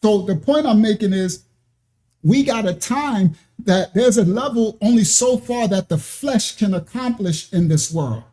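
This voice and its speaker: A man preaching a conversational sermon, often asking "right?" and acting out quoted voices. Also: unhurried. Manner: animated, acts out quoted voices with rising pitch; conversational, repeatedly asks "right?". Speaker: pastor.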